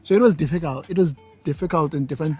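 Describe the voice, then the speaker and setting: A young South African man with a slightly raised voice shares stories with his wife in easy conversation. He drifts between English and Xhosa and brings his anecdotes to life with quoted voices. Soft music plays faintly behind him. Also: on the high side, quick pace, husky. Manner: mixes English with Xhosa, animated when retelling stories. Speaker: co-host, husband. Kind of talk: casual chat.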